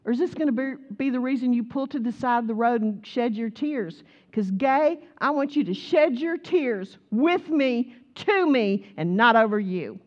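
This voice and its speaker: A woman preacher, giving a sermon full of animated stories, laughter and exclamations. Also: fairly high pitch, normal speed, few pauses, dull audio.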